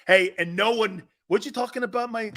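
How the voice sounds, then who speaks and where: Excitable middle-aged sports radio host. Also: male voice, sits high, a little fast. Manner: animated, loud bursts, calls out to studio crew; rambling, repeats words and restarts. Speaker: sports talk show host. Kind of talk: casual sports radio chat.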